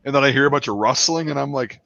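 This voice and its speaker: Bright-voiced, foul-mouthed storyteller guy. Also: medium pitch, quick pace, vocal fry, no echo, highs cut off. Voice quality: profane, animated storyteller. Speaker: podcast host. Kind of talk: casual storytelling chat.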